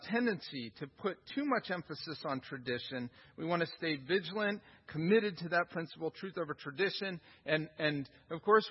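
A man's voice: sits high, breathy edge, dull audio. A man preaching a sermon as pastor, earnest and repeating phrases for emphasis. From United States.

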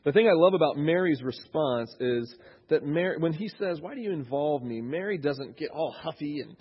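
A man's voice: a little high, expressive, moderate pace, slightly rough, highs cut off. A man in his thirties, a pastor giving a conversational sermon, thinking aloud with frequent restarts.

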